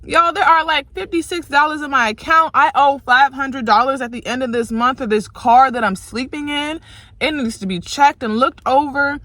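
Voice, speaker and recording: A young woman, a tarot reader, venting to her viewers in a frustrated, profane rant, worn out and swinging from loud outbursts to low, tired muttering. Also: moderate pace, dry recording. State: exhausted.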